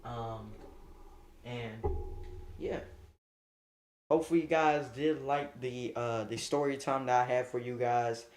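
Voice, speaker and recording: A young man streaming live from his phone, telling a crude, excitable story and acting out what others said. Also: mid-range voice, slow pace, pauses often, a little hiss or hum. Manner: crude, excitable, acts out quotes.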